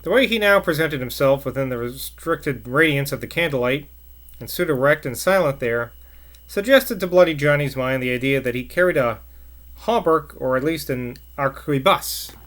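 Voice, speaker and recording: A man reading a novel aloud at a measured pace, with occasional slips and asides. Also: mid-range voice, animated, fairly bright tone. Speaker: narrator.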